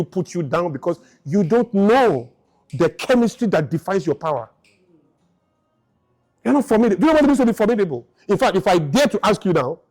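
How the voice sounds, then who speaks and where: A motivational speaker in his fifties addresses a live audience with a high voice and a darkish tone. His delivery is emphatic and full of rhetorical questions.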